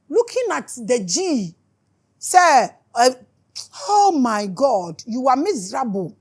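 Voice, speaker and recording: A woman's voice: sits high, big pitch swings, takes it slowly, slightly rough. A woman with a Ghanaian accent giving an impassioned spiritual talk, fiery and scolding as she switches between Twi and English. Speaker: spiritual teacher.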